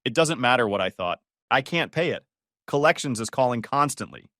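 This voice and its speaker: A man's voice: medium pitch, expressive, a little fast, pushed and bright, no echo, studio quality. Desperate pleading young woman, read by a man. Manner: pleading, tearful.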